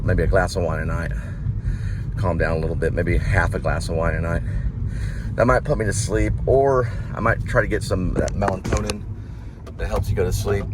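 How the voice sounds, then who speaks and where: A man chatting casually and rambling while driving, joking and repeating phrases. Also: low voice. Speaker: vlogger, delivery driver. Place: inside a vehicle while driving. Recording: loud vehicle road noise.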